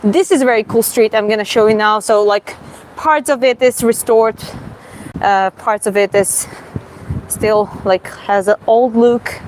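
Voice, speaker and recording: A young woman from Georgia, with a Georgian accent and a slightly high voice, narrates a live-streamed walk through her city's streets. She talks haltingly, with fillers and restarts. She is recorded outdoors on a handheld phone, with faint traffic behind her. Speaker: vlogger giving a city walking tour. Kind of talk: casual live-stream walking tour.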